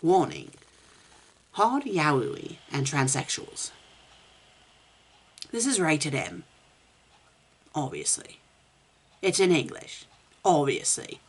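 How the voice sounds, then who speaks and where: A woman with a low-pitched but very lively voice, reading fan fiction aloud for a comedic review. She talks in a sarcastic, exasperated way, and her delivery swings widely in pitch as she mocks what she reads. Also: slow, pauses often, husky.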